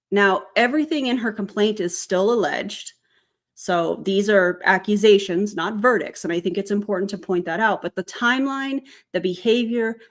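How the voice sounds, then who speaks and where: Chatty woman with a twang. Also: mid-range voice. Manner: chatty, sarcastic asides, frequent self-corrections. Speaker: commentary channel host. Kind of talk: casual commentary vlog.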